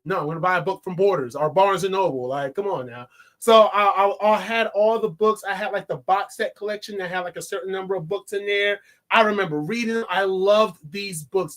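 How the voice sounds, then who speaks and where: A man's voice: sits high, a bit bright. A young adult man reviewing a movie in a casual, rambling monologue, full of joking asides and restarts.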